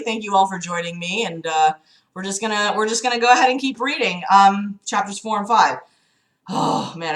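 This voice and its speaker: A little hiss or hum sits under this young woman's medium-pitched voice as she hosts a laid-back livestream from an echoey room in her home. Coughing slightly, she chats, swears freely and reads from a friend's book, giggly and fretful, talkative and profane.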